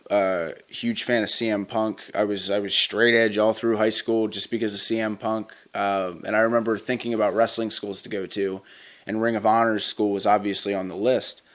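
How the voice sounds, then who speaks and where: A man's voice: on the low side, steady tone, normal speed, fairly bright tone. A man in his twenties, a wrestler being interviewed, telling stories casually with lots of fillers and restarts. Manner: rambling, many fillers and restarts. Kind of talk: casual storytelling.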